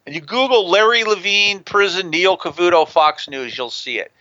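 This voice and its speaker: A man's voice: high-pitched, normal speed, sharp tone, dry recording, dull audio. A man in an interview telling stories in a brash way and swearing freely. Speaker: guest, prison consultant. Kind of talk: profane storytelling in an interview. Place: near a big city on the US West Coast.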